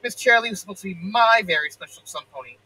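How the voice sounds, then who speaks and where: Brief: man voicing a tearful, stubborn little pony girl; high, breathy voice. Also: quick pace, bright, forceful tone, exaggerated voice, rough recording. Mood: upset. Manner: tearful, insistent and pleading. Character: heartbroken young pony filly with a crush.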